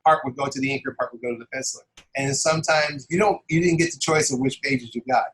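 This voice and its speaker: A middle-aged comic book artist, a man with a mid-range voice, talks fast as a casual interview guest on a rough recording. He's animated and chuckles while telling his anecdotes.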